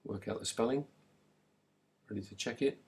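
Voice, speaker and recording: A man teaching a recorded language lesson, slowly and clearly modelling words and pausing so the listener can repeat them. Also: medium pitch, a little mellow. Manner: slow, clear modelling of words with pauses for repetition.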